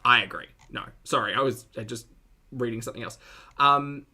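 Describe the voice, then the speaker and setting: Bright, sarcastic streamer woman. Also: rumbling low, brisk, husky. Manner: sarcastic, dry asides to the chat. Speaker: commentary streamer reacting to a clip. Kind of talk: live-stream reaction commentary.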